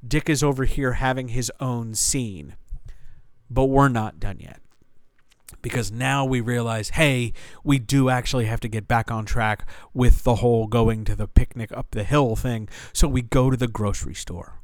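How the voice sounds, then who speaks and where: A man's voice: medium pitch, fairly even intonation, normal speed, no echo, studio quality. A young man ranting sarcastically and with exasperation about story pacing, swearing freely. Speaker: host. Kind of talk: comedic writing advice rant.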